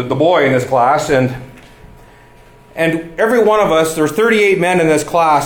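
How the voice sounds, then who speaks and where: A middle-aged male preacher delivering a sermon in a fairly high voice. He speaks earnestly and presses his points with rising emphasis. His voice rings in a roomy, echoing space. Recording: echoey room.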